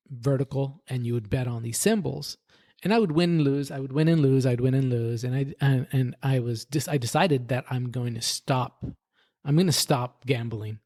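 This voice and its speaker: A man's voice: medium pitch, mellow, no echo, studio quality. A man, a podcast guest, earnestly tells his personal faith story in conversation, often restarting sentences and adding "right?".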